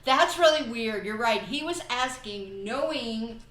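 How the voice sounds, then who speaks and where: A woman's voice: on the high side, expressive, measured pace, a bit bright, reverberant, low-quality recording. A woman hosting a podcast, talking in a chatty, rambling way and telling stories casually. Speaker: podcast host. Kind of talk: casual chat.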